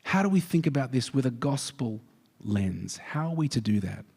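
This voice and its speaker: A man preaching in a church, his voice carrying with a long reverb off the hall. He tells the story with animated drama, dropping to hushed whispers and rising to rousing calls, and his voice sits at a middling pitch. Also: normal speed, slightly rough. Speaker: pastor. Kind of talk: sermon.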